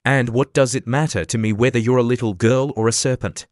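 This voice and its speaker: A man's voice: steady tone, brisk, dry recording, clean studio sound, natural voice. A man voicing an anxious, contemptuous mother pigeon that shrieks accusations. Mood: shrill, suspicious. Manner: shrill, accusing, sobbing complaint.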